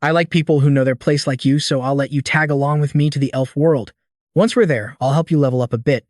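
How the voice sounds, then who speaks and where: A man reads a heartless elf lord who talks of killing a king as if it were a chore. the cold voice is slightly high and very dry. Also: fairly even intonation, quick pace, a little mellow, no room sound, lightly acted. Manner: cold, dismissive. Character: cold ruthless male elf official.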